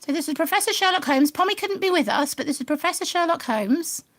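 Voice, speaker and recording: A woman speaks in a very high voice that swoops up and down. She coaxes and praises her pet rabbit in a playful, sing-song way. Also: animated, quick pace. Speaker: pet rabbit owner hosting a live stream. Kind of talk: doting talk to a pet rabbit.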